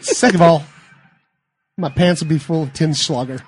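A man joking around in a casual group podcast, quick with excitable interjections. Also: fairly high pitch, husky.

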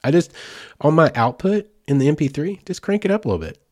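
A man's voice: a little high, big pitch swings, quick pace, a little mellow, no room sound, clean studio sound. A man hosting a podcast, rambling casually with self-deprecating asides. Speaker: podcast host.

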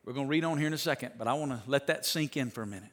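A man preaching a sermon as pastor, emphatic, swinging from loud declarations to hushed asides, joking with the congregation. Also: medium pitch, very fast.

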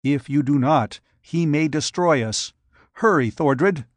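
A man's voice: a little high, takes it slowly, no echo. A man voicing a frightened young woman. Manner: pleading, fearful.

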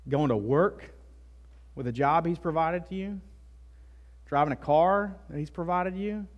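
A male pastor delivering a sermon in a conversational way, with frequent asides and tag questions. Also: on the high side. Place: church.

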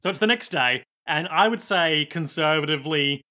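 A man with a bright, slightly high voice talks through an anime episode with a co-host. He rambles with quick jokes and asides, in an easy chatty way. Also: expressive. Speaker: podcast co-host. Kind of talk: casual chat recapping an anime.

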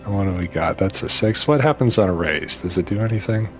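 A man playing a tabletop role-playing game, talking through his character's actions in a measured way. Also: on the low side, animated, fairly bright tone, soft background music. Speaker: player. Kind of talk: tabletop role-play session.

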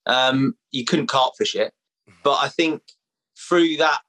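A man's voice: mid-range voice, slow pace, sharp tone, rough recording. A man in his thirties from England, chatting casually as a podcast guest about fishing, with lots of "like" and "mate". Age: 30s. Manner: chatty, laid-back, says "mate" and "like" a lot. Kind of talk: casual chat.

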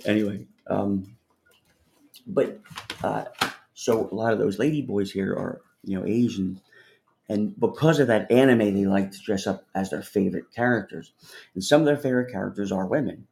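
A man's voice: fairly low pitch, moderate pace, vocal fry, mellow. A man hosting a livestream, chatting casually with viewers in a rambling, profane way and laughing often. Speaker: livestream host.

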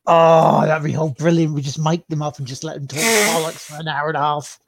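A man's voice: fairly high pitch, a little fast, vocal fry, slight background noise. Tired man, wry podcast banter. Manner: wry, joking, slangy. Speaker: podcast co-host.

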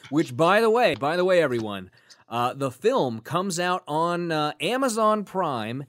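A man's voice: on the high side, big pitch swings, a little slow, a bit bright. A man co-hosting a podcast in a casual, joking chat, thinking aloud with fillers as he goes. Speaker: podcast co-host.

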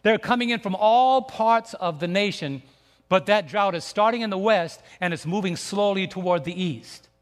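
Male pastor, high voice, emphatic repetitive sermon delivery, long church-hall reverb. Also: normal speed. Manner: emphatic, repetitive preaching with restarts. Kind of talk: sermon with slides. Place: church sanctuary.

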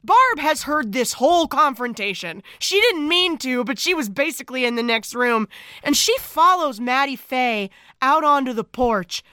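A woman co-hosting a podcast who recaps a movie in casual chat, telling the story in an animated, expressive way. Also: high-pitched, moderate pace, clean tone, no room sound, studio quality. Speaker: podcast co-host.

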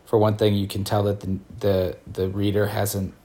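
A man co-hosting a podcast, reflecting out loud and qualifying his points. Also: fairly low pitch, monotone, moderate pace. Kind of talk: casual discussion.

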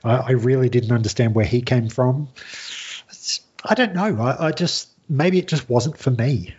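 Husky-voiced podcast man. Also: mid-range voice, normal speed, a little mellow, dull audio. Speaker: podcast co-host. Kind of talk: casual chat.

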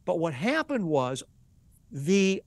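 Earnest high-voiced man explaining patiently. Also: sing-song, slow pace, no echo. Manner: earnest, explanatory, spells things out with examples. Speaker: rabbi and Bible teacher, interview guest. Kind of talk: teaching explanation in a broadcast interview.

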